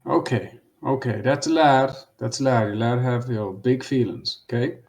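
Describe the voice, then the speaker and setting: A man playing a tabletop game, speaking in a soothing, placating way to calm the group. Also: medium pitch, moderate pace, soft background music. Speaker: player. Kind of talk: tabletop role-play.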